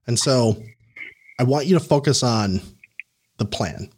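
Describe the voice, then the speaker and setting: A man hosting a podcast, coaching a guest in a casual, animated way, laughing and acting out the people he quotes. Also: mid-range voice, unhurried. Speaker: podcast host and career coach.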